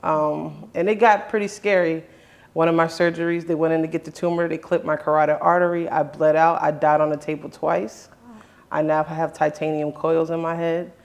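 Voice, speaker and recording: This host has a gravelly, higher-than-average voice with an even tone and moderate pace. He earnestly relates a personal story in his own words, restarting often and frequently quoting what people told him.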